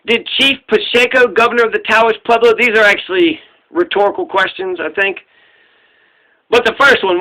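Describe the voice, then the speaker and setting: A man's voice: high voice, bright, forceful tone, low-quality recording. A man hosting a casual trivia talk, loose and profane, rambling with restarts. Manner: puts on gruff voices to act out quoted people. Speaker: trivia host.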